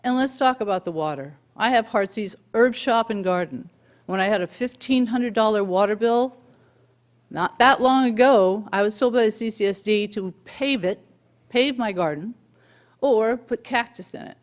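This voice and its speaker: A woman who owns a local business gives an emotional public comment at a board meeting. She speaks haltingly, with many restarts. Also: fairly high pitch.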